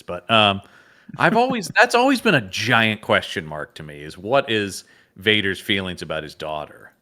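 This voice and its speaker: A man's voice: on the low side, normal speed. A man co-hosting a podcast, chatting casually about a comic and laughing often. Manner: animated, laughs often, frequent restarts. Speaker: podcast co-host. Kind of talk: casual comic book discussion.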